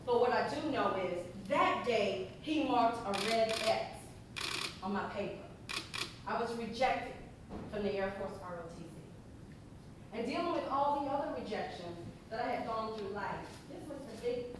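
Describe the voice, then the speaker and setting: Woman, high voice, middle-aged, motivational keynote, earnest storytelling, echoey hall from far off. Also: animated, background noise. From Louisiana. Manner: earnest storytelling with measured pauses. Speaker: keynote speaker. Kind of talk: motivational speech.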